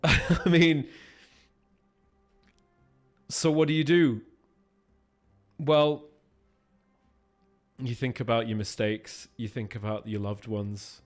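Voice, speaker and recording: Man, casual streamer talk, swears a lot, thanks viewers, middle pitch, faint background music. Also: slow pace, long pauses. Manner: swears freely, answers and thanks chat while playing. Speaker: voice actor streaming a game.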